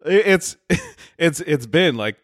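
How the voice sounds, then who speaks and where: A man's voice: on the high side, animated, takes it slowly, fairly bright tone, dry recording, studio quality. A man co-hosting a podcast, telling a story in a rambling way, full of fillers and self-mocking laughs. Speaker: podcast co-host. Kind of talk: casual chat.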